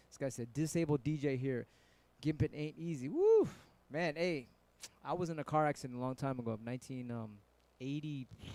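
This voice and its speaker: A man's voice: mid-range voice, a little mellow. Laid-back, profane middle-aged man. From San Francisco. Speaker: DJ host of a live stream. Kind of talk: casual livestream chat with viewers.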